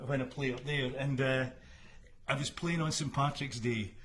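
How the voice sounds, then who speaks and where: A man's voice: medium pitch, steady tone, moderate pace, fairly bright tone. A Scottish man with hay fever, chatting casually between songs on a livestream from home. He rambles, trails off with ums and chuckles often. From Scotland. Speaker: singer and musician hosting a livestream. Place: at home in Florida.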